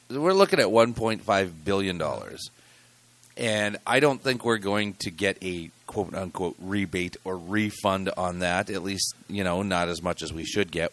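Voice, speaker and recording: Low-voiced wry male co-host. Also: a bit bright, no room sound. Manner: wry, indignant, hesitant fillers. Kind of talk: casual political talk.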